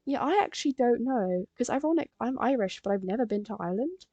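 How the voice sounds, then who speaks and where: With a quick pace and lively intonation, a teen girl from England chats and rambles on a live stream as she draws, filling gaps with fillers. Her voice is a little high and warm. The recording is dry with the highs cut off and soft music underneath.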